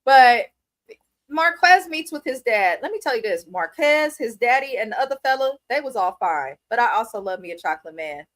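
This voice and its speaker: A woman's voice: a little high, big pitch swings, moderate pace, fairly bright tone, dry recording. A woman co-hosting a reality show recap in casual chat, blunt, profane and playfully dramatic.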